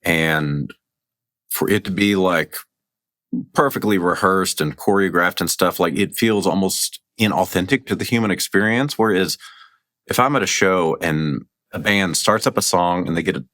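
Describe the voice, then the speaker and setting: A man with a very low voice, a podcast guest talking in a loose, rambling way. He sounds excited about his subject and keeps reaching for "like" as he goes. The recording is close and dry, with no room sound. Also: normal speed, no room sound. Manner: rambling, enthusiastic, heavy use of "like". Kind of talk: casual conversation.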